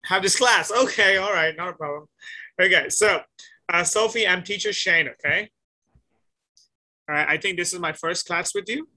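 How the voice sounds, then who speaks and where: Bright-voiced male English teacher, patient. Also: high voice. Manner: patient, repeats questions slowly, checks in with "okay?". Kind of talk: online one-on-one English lesson.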